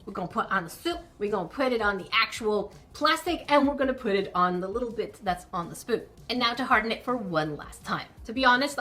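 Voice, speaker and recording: A woman hosting a crafting vlog, chatting casually and gushing excitedly over tiny miniature items as she builds a project. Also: mid-range voice. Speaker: crafting channel host.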